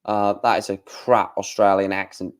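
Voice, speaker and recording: A man's voice: fairly low pitch, little pitch movement, normal speed, clean tone. Rambling man streaming live. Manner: rambling, thinking aloud with fillers. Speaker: darts live stream host. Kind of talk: casual live stream commentary.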